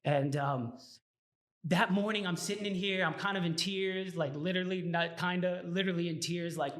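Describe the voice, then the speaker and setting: A man, a guest shop owner, telling his story in a casual interview, animated and full of "like" fillers. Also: high voice, normal speed. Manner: animated, lots of "like" fillers and acted-out quotes.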